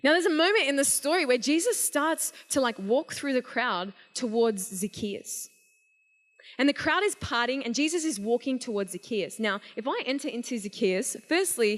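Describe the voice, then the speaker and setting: A young woman giving a casual, energetic sermon to a youth conference. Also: a little high. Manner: energetic, casual, animated storytelling. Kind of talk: live youth sermon storytelling. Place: large event hall. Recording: long reverb of a large hall.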